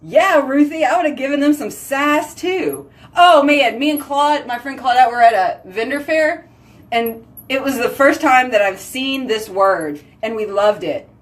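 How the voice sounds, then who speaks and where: A woman's voice: high voice, animated, unhurried, distant mic. A woman hosting a casual live video chat, telling giggly stories and answering viewer comments. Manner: chatty, giggly storytelling. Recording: voice slightly off-mic.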